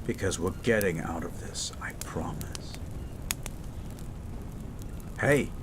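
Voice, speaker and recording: A man playing a gruff but caring young medical student in a romantic audio roleplay, pleading and tender. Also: sits low, background noise. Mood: coaxing.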